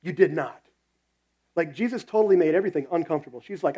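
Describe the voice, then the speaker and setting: A man's voice: a little high, expressive, fast talker, long pauses, warm tone, low-quality recording. A man preaching a sermon as pastor, talking conversationally and telling stories with quoted voices.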